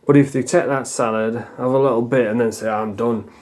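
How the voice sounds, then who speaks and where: A man's voice: mid-range voice, fairly even intonation, brisk, darkish tone. A middle-aged man from England, talking casually and bluntly to camera, rambling and swearing freely. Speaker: vlogger.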